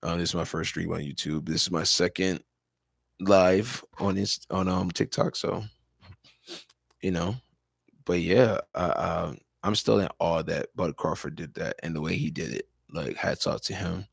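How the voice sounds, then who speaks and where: A tired man talks sports on a casual live stream from home, rambling and repeating himself. His voice sits very low with a gravelly fry and a husky edge. The sound is dry and close. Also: fairly even intonation, a little slow, dry recording. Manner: loose, rambling, leans on "you know" and repeats himself. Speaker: sports talk livestream host and high school coach. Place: at home, dog in background.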